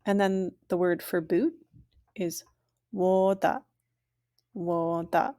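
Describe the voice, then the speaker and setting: A woman teaching a language lesson, saying each word slowly and clearly and then repeating it. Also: medium pitch, steady tone, dark tone.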